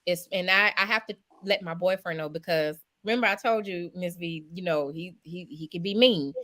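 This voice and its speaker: Measured woman on a podcast. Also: on the low side, fairly bright tone. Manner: measured, restarts her sentences. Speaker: podcast co-host. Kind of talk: casual chat.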